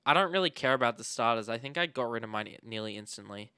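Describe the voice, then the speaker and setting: Young male podcast host, bright and smooth, dry close sound, rambly and loose. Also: mid-range voice, fast talker, no room sound. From Australia. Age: young adult. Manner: rambling, animated, swearing. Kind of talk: casual chat.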